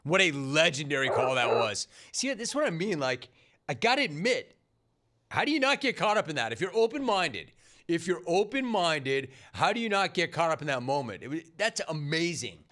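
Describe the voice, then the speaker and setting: A man's voice: a little high, sing-song, moderate pace, bright, forceful tone. A man hosting a sports talk radio show, riffing and emphatic, on a studio microphone.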